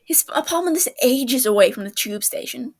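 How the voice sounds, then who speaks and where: A woman's voice: sits high, expressive, moderate pace, slightly rough, voice pushed up, full character voice. Woman voicing a stammering, panicky young man. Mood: panicked. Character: flustered young man rushing for a date.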